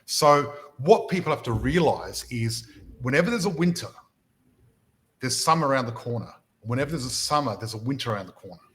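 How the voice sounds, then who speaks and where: On poor audio, a man with a mid-range voice talks a little fast. As the host of a motivational podcast and a property mentor, he tells stories with plenty of energy, frequently starting sentences over and repeating words as he begins them.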